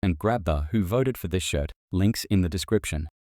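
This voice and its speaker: A man's voice: low-pitched, normal speed, mellow, no room sound, clean studio sound. A man with an Australian accent giving brash, slangy, jokey scripted narration for a commentary channel.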